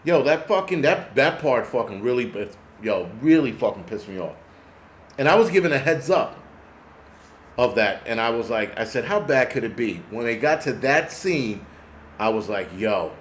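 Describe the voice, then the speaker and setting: A man's voice: mid-range voice, expressive, moderate pace. A man rants on his own show in a loose, swearing, meandering way, often losing the word he wants. His voice sits in an ordinary middle range. The room is echoey with a faint hum of ambience. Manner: profane, rambling, loses track of words. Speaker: prepper channel host. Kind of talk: casual ranting monologue.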